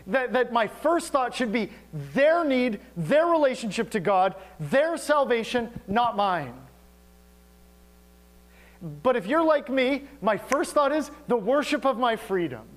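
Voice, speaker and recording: A man's voice: very high voice, a little slow. A middle-aged male pastor preaching a sermon, telling stories with humor and acting out bits of dialogue. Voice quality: animated, humorous storytelling with acted-out dialogue.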